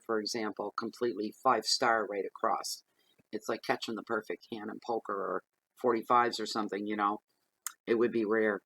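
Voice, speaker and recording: A man's voice: mid-range voice, a bit bright, no room sound, poor audio. A man giving a casual tarot reading, chatty and plain-spoken, often repeating himself as he gives direct advice. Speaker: tarot reader.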